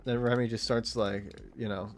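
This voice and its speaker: A man's voice: mid-range voice, little pitch movement, normal speed, soft background music. A young man streaming a game, chatting in a rambling, crude, giggly way. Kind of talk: casual chat while streaming a game.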